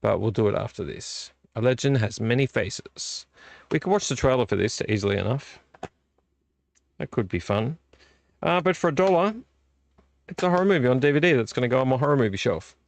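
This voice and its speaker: A man's voice: mid-range voice, animated, a little fast, vocal fry, pauses often. A middle-aged man, hosting a casual live-stream vlog in a rambling, easily distracted way. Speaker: vlog host.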